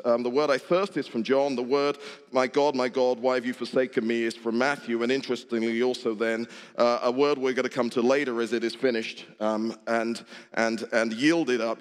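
A man gives a conversational sermon in a voice of ordinary middle pitch, often repeating a word as he restarts a phrase. His voice carries a long reverb from the hall he is preaching in. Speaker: pastor.

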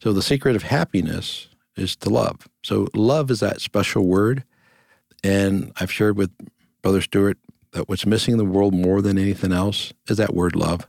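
A man's voice: lowish voice, steady tone, normal speed, creaky, darkish tone, no room sound. An older man, a grandfather, telling stories earnestly as an interview guest in a reflective conversation. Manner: storytelling, earnest, repeats phrases in lists.

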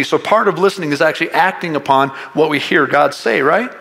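A man preaching a sermon as pastor, animated and rising to shouts to stress a point. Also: a little high, a little fast, vocal fry, few pauses. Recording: long reverb of a large hall.

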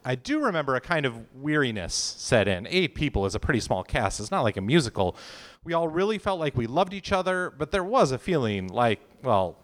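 A man reading first-person testimony aloud at a live reading, in an animated, amused storytelling manner. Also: mid-range voice, brisk, big-room sound. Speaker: reader at a live oral-history reading.

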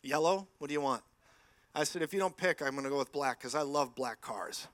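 A man preaches to a church in a fairly high voice, animated and storytelling, acting out each exchange. The sound is dry and close, with little room echo. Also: brisk. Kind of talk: sermon.

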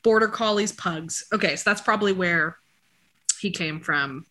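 A woman's voice: on the low side, moderate pace, pushed and bright. A woman chatting casually as she reads out her dog's DNA results, making jokey asides to her dog. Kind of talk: casual chat.

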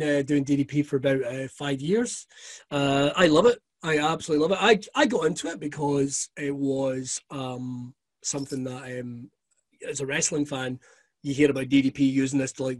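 A man from Scotland, a guest telling animated, profane stories in casual chat. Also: medium pitch, normal speed. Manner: profane, animated anecdotes with laughter. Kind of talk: casual storytelling.

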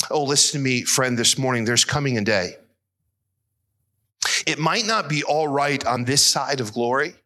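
A middle-aged man preaching a sermon as pastor, earnest and emotional, his voice climbing high as he is moved. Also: bright, forceful tone.

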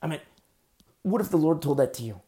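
A man preaching a sermon in an emphatic, conversational way, swinging from loud bursts to hushed asides. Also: on the high side, lively intonation, a little fast.

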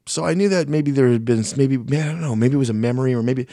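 A man's voice: medium pitch, fast, creaky, warm tone, no room sound, clean studio sound. A man telling a long story in casual chat, blunt and frank, swearing often and rambling, and openly critical of himself. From Mexican heritage.

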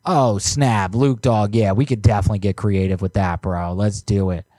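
A man's voice: on the low side, fairly even intonation, normal speed, warm tone, no echo. A man co-hosting a prank call stream, chatting casually and joking while he reads out viewer submissions. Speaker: prank call show co-host. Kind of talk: casual live-stream chat.

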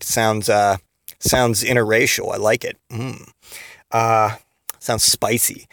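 A man's voice: medium pitch, unhurried, vocal fry, fairly bright tone, dry recording, clean studio sound. A man hosting a comedy podcast, rambling through a giggly monologue full of fillers and restarts. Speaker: podcast host.

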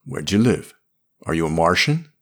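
A man's voice: deep voice, big pitch swings, normal speed. A man voicing a blunt, tough male spacefarer who asks plain, direct questions. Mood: curious.

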